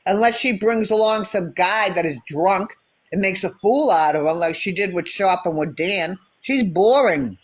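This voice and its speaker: A middle-aged American woman calls into a livestream by phone as a guest, chatting casually as a storyteller with blunt opinions. Her husky voice is medium in pitch and her pace moderate.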